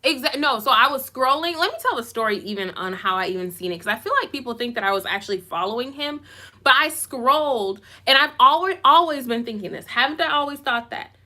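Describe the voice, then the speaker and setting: Woman vlogger, lively commentary, bright forceful tone, slightly high, emphatic repeats. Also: brisk. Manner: self-described goofy. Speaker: YouTuber. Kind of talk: live commentary reading comments.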